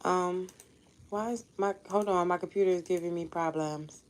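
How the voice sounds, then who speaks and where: A woman's voice: on the low side, fairly even intonation, normal speed. A woman tarot reader, chatting casually and bluntly on a live stream at home and swearing freely. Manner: blunt, swears freely, talks to family off-mic. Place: home room.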